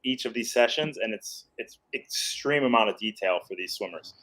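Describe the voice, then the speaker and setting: A man's voice: fairly low pitch, expressive, normal speed, bright, forceful tone, slight background noise, poor audio. A man who co-hosts a swimming podcast, bantering and joking in a casual live interview. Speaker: swim podcast co-host.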